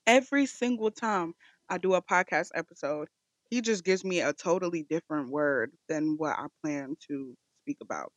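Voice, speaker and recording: A woman's voice: low-pitched, moderate pace, dry recording, poor audio. A woman hosting a devotional podcast, speaking in a fervent, repetitive prayer cadence. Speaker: podcast host.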